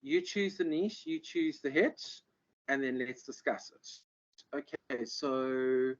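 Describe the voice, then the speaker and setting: A man's voice: medium pitch, lively intonation, slow. A man giving an online lecture, rambling with many ums and restarts over a video call. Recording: muffled lo-fi audio.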